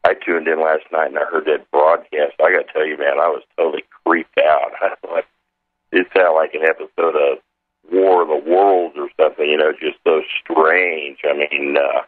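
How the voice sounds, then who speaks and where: A man from Kansas calling in to a radio show, talking casually and haltingly with many fillers. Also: a bass voice, level tone. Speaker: caller. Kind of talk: call-in radio chat. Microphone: telephone. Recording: tinny phone line on radio.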